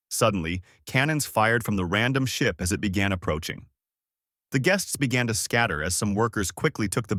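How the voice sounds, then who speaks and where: A man narrating a fan-made story in a steady, scripted storytelling manner. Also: lowish voice, no room sound, clean studio sound.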